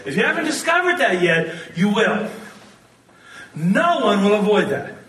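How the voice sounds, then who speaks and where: A man preaching a sermon, telling stories in an animated way and often laughing as he talks. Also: high-pitched, unhurried, roomy sound, recorded from a distance, poor audio. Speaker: pastor.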